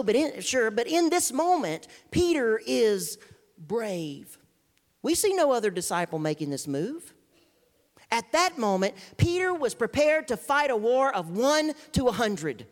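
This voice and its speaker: A pastor preaching a sermon, pausing dramatically and slowing down to stress key words. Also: medium pitch, long reverb tail.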